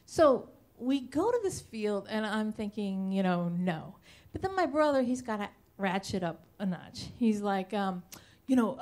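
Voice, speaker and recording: A woman's voice: mid-range voice, lively intonation, normal speed, darkish tone. A woman telling a personal story on stage at a live show, chatty and self-mocking, acting out what others said. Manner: chatty, self-mocking, full of restarts and quoted voices.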